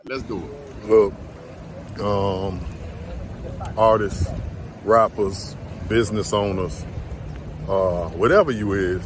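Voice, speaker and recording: A young man with a South Florida accent hosting a talk show, hyped and loud, jumping between shouting and mumbling. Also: on the low side, background noise. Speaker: host.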